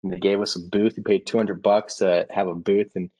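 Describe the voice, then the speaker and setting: Man, 30s, founder in casual interview; husky low voice, lively with quoted asides. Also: brisk, rough recording. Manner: animated, acts out quoted customers with restarts. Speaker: startup founder.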